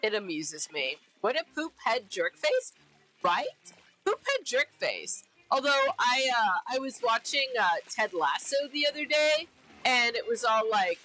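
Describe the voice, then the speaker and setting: A woman's voice: fairly high pitch, sing-song, measured pace, bright, forceful tone, faint music behind, rough recording. A woman streamer chatting casually while she plays a game, bubbly and repeating herself often. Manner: bubbly, repeats herself, giggly silly name-calling.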